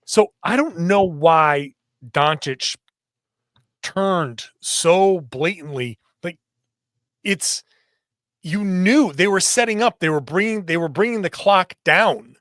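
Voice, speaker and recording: A podcast co-host breaking down a basketball play in an expressive, rambling way. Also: male voice, high-pitched, slow, no room sound, studio quality. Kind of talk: sports analysis chat.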